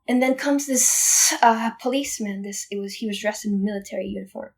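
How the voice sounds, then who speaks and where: A young woman from Puerto Rico, a podcast guest, retelling a family story in an animated, emphatic way with many restarts. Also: medium pitch, fairly quick, vocal fry. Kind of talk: casual storytelling.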